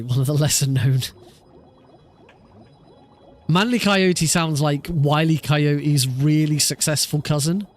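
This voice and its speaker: A man's voice: a little high, takes it slowly, long pauses. A man streaming a speedrun practice, chatting casually with viewers, laughing often and swearing freely. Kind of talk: casual live-stream chat.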